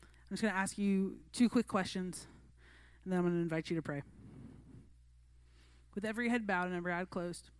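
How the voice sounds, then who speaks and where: A woman's voice: fairly low pitch, fairly quick, long pauses, smooth. A woman preaching a sermon to a youth group in an earnest, conversational way. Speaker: youth pastor.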